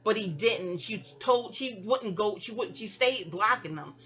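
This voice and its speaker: A woman's voice: mid-range voice, lively intonation, unhurried, a bit bright. A young woman casually telling a personal story, chatty and digressive, often trailing off into asides. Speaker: audio diarist.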